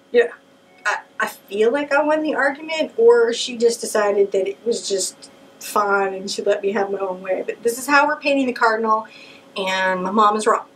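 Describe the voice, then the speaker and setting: A woman teaching a paint-along painting lesson, chatting and telling lively stories with playful asides as she works. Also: a little high, moderate pace, distant mic, a little hiss or hum. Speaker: painting instructor. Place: home art studio.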